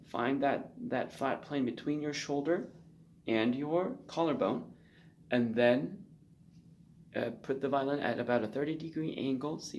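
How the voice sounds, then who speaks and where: A man giving a spoken violin lesson, loose and conversational, often checking in with a quick "okay?". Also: medium pitch, darkish tone, highs cut off, slight background noise. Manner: loose and conversational, frequent ums and check-in okays. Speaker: violin teacher. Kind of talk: spoken instruction with demonstration.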